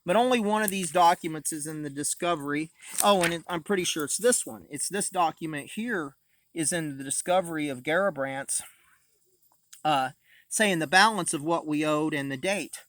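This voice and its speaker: A man's voice: on the high side, normal speed, fairly bright tone. A man rambling in a casual vlog monologue, aggrieved and full of filler words, filmed outdoors on a phone. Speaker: vlogger. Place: outdoors by a camper at home.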